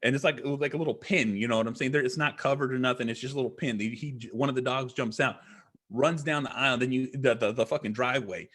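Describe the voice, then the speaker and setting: A man's voice: medium pitch, fast, fairly bright tone. A man, a podcast guest, tells a rambling story in casual chat, swearing constantly and hammering his points. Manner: profane, rambling, emphatic.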